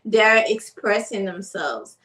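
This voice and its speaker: A woman's voice: mid-range voice, animated, a bit bright, recorded from a distance, rough recording. A woman, a mother, talking casually and earnestly to the camera with lots of "like" and "you know". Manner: unhurried, earnest, many fillers like "like" and "you know". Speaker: mother vlogger.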